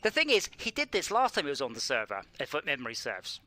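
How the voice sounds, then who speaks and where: British male streamer, slightly high voice, excitable, steady engine hum behind. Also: fast talker. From Britain. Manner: excitable, bursts into loud shouts at other drivers. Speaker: stream host and server admin. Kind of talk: casual live-stream chat while sim racing.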